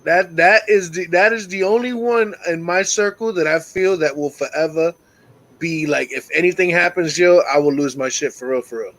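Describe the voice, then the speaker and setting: A middle-aged man hosting a call-in talk show, telling stories in a casual, profane and animated way. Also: a little high, normal speed, rough recording. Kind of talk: casual storytelling chat.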